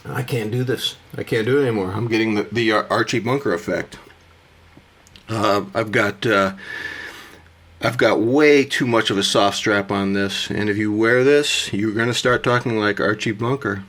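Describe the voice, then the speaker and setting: A man with a rough morning voice, hosting a casual vlog monologue about his collection. He gushes theatrically and talks to himself as he goes. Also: on the low side, moderate pace, fairly bright tone. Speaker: watch collector vlogger.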